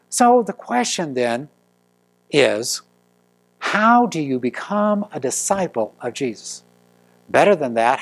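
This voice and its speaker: A middle-aged man preaching a sermon as pastor, telling stories with lively acted quotes. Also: a little high.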